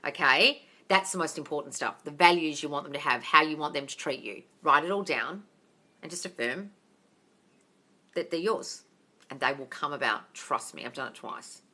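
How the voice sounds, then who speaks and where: Blunt, bright-voiced woman coaching on a livestream. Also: deep voice, expressive, normal speed. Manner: blunt and profane, calls viewers darling. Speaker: manifesting coach answering viewer questions. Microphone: phone.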